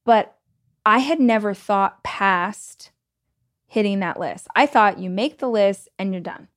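A woman's voice: medium pitch, slow pace. A woman podcast host from the American South with a Southern accent, telling a personal story in a chatty, casual way full of "like"s. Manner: chatty, animated, many "like"s and laughs.

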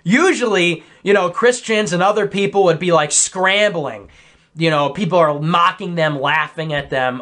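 A man's voice: high voice, normal speed, a bit bright. A man on a casual podcast panel, talking sarcastically and slipping into mocking voices. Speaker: podcast guest.

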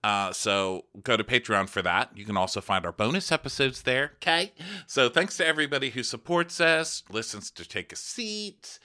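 A man co-hosting a podcast, chatting casually and joking while recapping a reality show. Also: medium pitch. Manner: animated, joking, quick plugs. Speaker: podcast co-host. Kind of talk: casual comedic recap chat.

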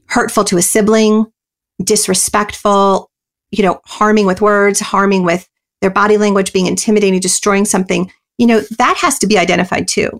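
A woman in a mid-range voice gives earnest parenting explanations as an interview guest. She talks in loose runs, filling pauses with small hesitations. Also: medium pitch, steady tone. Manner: earnest and explanatory, many you-knows and ums. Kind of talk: interview answers.

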